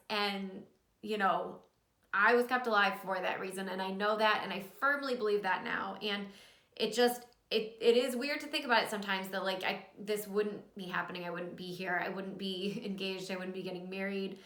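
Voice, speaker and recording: A woman's voice: medium pitch, steady tone, normal speed, a bit bright. A young woman vlogging in a casual, earnest way, talking emotionally and holding back tears. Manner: casual, many likes and you guys. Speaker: vlogger and author. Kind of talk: personal confessional vlog. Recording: roomy echo.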